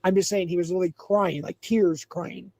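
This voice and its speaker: Livestream host, male, mellow timbre, gossips and mocks, repeats lines. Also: high-pitched, steady tone, fairly quick, dry recording, rough recording. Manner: mocking, gossipy, repeats himself. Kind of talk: casual livestream chat.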